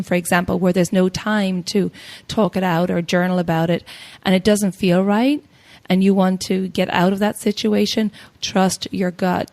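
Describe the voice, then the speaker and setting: A woman hosting a podcast, encouraging her guest and talking through advice in a relaxed conversational way. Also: medium pitch. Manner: supportive, encouraging, lots of small agreeing sounds. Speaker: podcast host.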